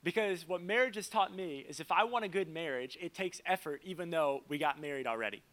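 A young man preaching a sermon as pastor, in a casual, conversational way with quick asides and stories told for laughs. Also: fairly high pitch, fairly bright tone.

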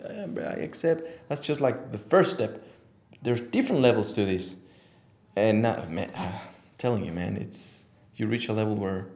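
A man's voice: mid-range voice, a little mellow. A man who works as an image consultant, talking as a podcast guest with passion and lots of swearing, acting out the voices he quotes. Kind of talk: casual interview talk.

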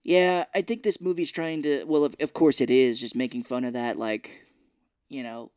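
A man talks casually on a movie podcast at an ordinary middle pitch. He retells film scenes by acting out the characters' lines. The room sound is dry and close. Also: fairly even intonation, normal speed, a little mellow, smooth, no room sound. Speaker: podcast co-host.

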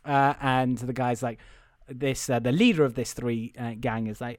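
A man's voice: medium pitch, normal speed, no room sound, studio quality. A young man who hosts a podcast, giving a casual, rambling, profane and amused recap of a film. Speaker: podcast host.

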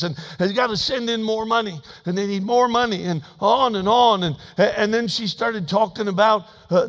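A man preaching a sermon as pastor, folksy and humorous, swinging between emphatic loud passages and hushed asides. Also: high voice, vocal fry, long reverb tail.

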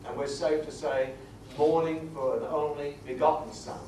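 A man teaching a sermon through numbered points, reading scripture slowly and with emphasis. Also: fairly high pitch, steady tone, slight background noise. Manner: grows quiet and emotional at times. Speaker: preacher. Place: large echoey hall. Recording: echoey hall recording from far off.

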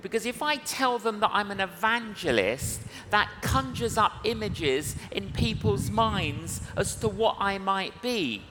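A male evangelist preaching a sermon in a church service, earnest and unhurried, acting out dialogue in his stories. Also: high voice, lively intonation. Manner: slow, earnest, acts out dialogue in anecdotes. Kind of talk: sermon with storytelling. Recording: reverberant church hall with faint noise.

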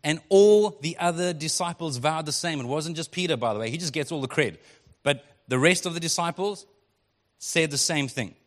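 A male pastor preaching a sermon in a relaxed, conversational way, reading scripture and breaking into quick acted quotes. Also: a little high. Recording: long hall reverb.

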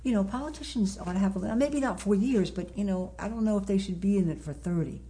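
Older lady author chatting, warm mellow voice, lots of laughs and restarts. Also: mid-range voice, quick pace. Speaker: author guest. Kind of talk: casual interview chat.

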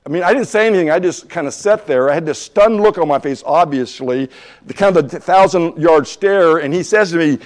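A man's voice: on the high side, brisk. A man in his seventies teaching a church lesson in a conversational sermon style, telling folksy, humorous stories and acting out dialogue. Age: 70s. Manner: storytelling, acting out both sides of a dialogue; folksy and humorous, with frequent restarts. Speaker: church Bible class teacher.

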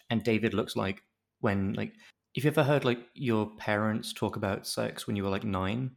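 Brief: low-pitched male podcast co-host, rambling and jokey, fond of mock-lecture bits. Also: moderate pace, vocal fry. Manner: jokey, rambling, swears, does mock-pompous explaining bits. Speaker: podcast co-host recapping a TV show. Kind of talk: casual chat.

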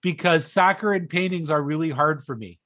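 A man co-hosting a podcast in casual chat, with a dry, halting, self-deprecating way of talking. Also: fairly high pitch, a bit bright. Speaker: podcast co-host.

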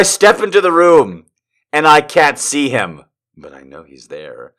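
A man's voice: mid-range voice, very animated, measured pace, a bit bright. A man reading an erotic story aloud for laughs, mock-dramatic, breaking off into swearing and laughing asides. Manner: mock-dramatic, swinging from whispers to shrieking, frequent laughter and swearing.

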